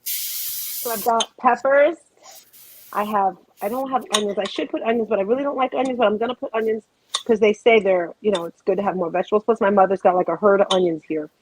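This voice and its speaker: A woman's voice: mid-range voice, brisk, background noise. A woman hosting a home cooking show, chatting casually and rambling to viewers while she cooks.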